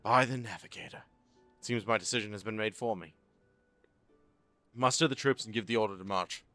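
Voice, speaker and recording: A man's voice: fairly low pitch, brisk, fairly bright tone, no room sound, faint music behind, close to an everyday voice. A man voicing a stern, formal male naval commodore in a fantasy game, reading dialogue aloud.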